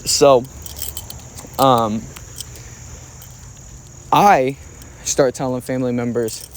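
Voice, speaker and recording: Guy ranting about family drama, swearing nonstop, angry and punchy, normal mid-pitch voice. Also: steady tone, very slow, a little hiss or hum. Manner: angry, heavily profane, emphatic. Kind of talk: casual storytime monologue.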